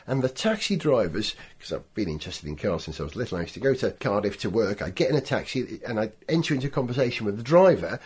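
A man's voice: fairly low pitch, fast, few pauses, husky. A man talking enthusiastically in a casual chat, as a podcast co-host. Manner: animated, enthusiastic car talk.

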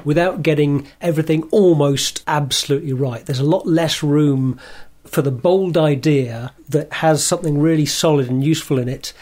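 A man's voice: on the high side, moderate pace, few pauses, darkish tone. A man with a slightly raised voice in a casual chat. He reasons things through earnestly and often backs up to restart a phrase. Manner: thoughtful, earnest, with hesitant restarts. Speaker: podcast co-host.

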